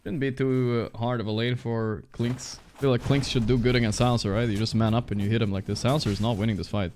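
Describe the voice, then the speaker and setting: A man's voice: medium pitch, fairly even intonation, fast talker, darkish tone, a little hiss or hum. Guy streaming and reacting to a match, laid-back and jokey, talks to chat a lot. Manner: loose, joking, swears, chats to viewers. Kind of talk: casual stream commentary.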